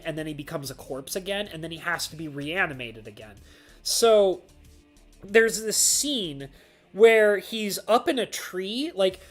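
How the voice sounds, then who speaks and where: A man hosting a relaxed live stream, talking in a loose, rambling way. He leans hard on filler words and breaks into laughter often, and faint music plays underneath. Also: sits high. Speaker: streamer host. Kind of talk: casual live-stream chat.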